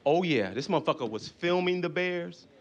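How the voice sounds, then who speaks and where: Loud, animated stand-up comic. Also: male voice, fairly high pitch, moderate pace, lo-fi sound. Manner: loud, animated, profane, often shouting. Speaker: stand-up comedian. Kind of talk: stand-up comedy.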